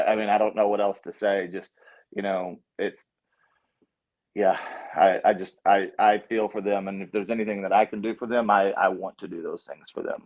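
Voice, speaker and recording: A man's voice: lowish voice, muffled recording. A man with a Southern US accent, a documentary filmmaker talking casually as a guest, telling stories and acting out quotes with lots of restarts. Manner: animated storyteller, acts out quotes, frequent restarts. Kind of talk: casual conversation.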